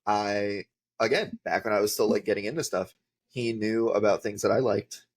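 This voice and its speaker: A man's voice: lowish voice, steady tone, normal speed, husky. A man, a podcast guest telling rambling casual stories with lots of filler words. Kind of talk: casual storytelling.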